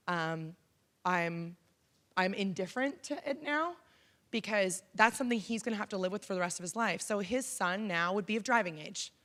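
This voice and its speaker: A woman's voice: on the low side, a bit bright. Frank woman telling a personal story. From Canada. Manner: frank, conversational, many ums. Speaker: keynote speaker. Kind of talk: personal story talk to an audience. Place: college auditorium.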